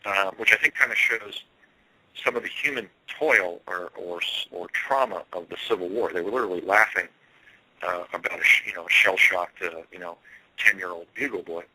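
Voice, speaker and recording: A man telling a long first-person story as an interview guest, earnest and halting, with frequent fillers. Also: low-pitched, sharp tone, husky, dry recording, low-quality recording.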